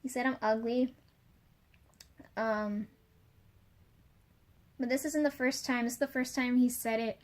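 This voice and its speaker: A woman's voice: fairly high pitch, fairly even intonation, a little slow, pauses often. A young woman venting in a casual vlog, rambling with lots of fillers and frequent swearing. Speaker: vlogger. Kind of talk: casual confessional rant.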